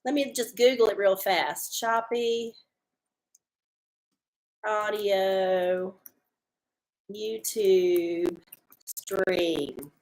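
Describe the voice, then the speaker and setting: A woman's voice: medium pitch, fairly even intonation, drawn-out words, pauses often, darkish tone. A woman hosting her own livestream, chatting casually and swearing freely. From Texas. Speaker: livestream host. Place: home studio under hot lights.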